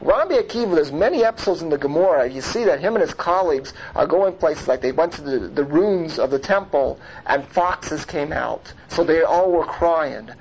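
A man's voice: on the high side, lively intonation, moderate pace, few pauses, darkish tone, breathy edge. A man teaching a Torah class. He asks rhetorical questions, keeps checking in with his listeners, and mixes Hebrew terms into his English. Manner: rhetorical, checks in with "right?" and "okay?". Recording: muffled lo-fi recording with faint noise.

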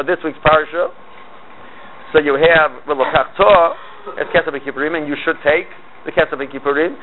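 A man teaching a class, talking in a halting way with many restarts. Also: fairly high pitch. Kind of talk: lecture on Hebrew grammar. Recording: tinny phone-like line, faint hiss.

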